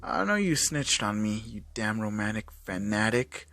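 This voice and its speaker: A man's voice: lowish voice, lively intonation, moderate pace, fairly bright tone, no echo, voice pushed down. A man reading a sarcastic, teasing teenage boy.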